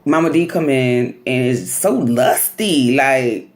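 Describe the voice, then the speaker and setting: A woman vlogger casually recapping a reality TV episode in slangy, animated talk, often acting out what people said. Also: extremely low pitch, slow.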